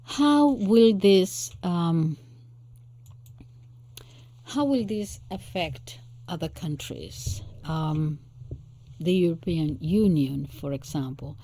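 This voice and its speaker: A woman's voice: lowish voice, lively intonation, takes it slowly, long pauses, warm tone. A woman host giving unscripted solo commentary, thinking aloud as she muses and searches for words. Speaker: channel host.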